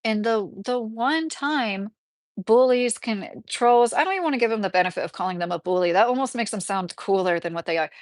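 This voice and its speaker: A woman's voice: fairly high pitch, brisk, dry recording. A woman with a Kentucky accent hosting a livestream, chatting in a rambling way with lots of fillers. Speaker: livestream host. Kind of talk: casual livestream chat.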